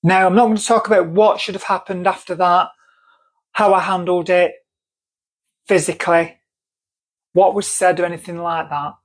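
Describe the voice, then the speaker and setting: A woman's voice: lowish voice, fairly even intonation, moderate pace, pauses often. Earnest woman with a North Manchester accent. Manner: earnest, emphatic, repeats herself for stress. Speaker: vlogger. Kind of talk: personal story told to camera.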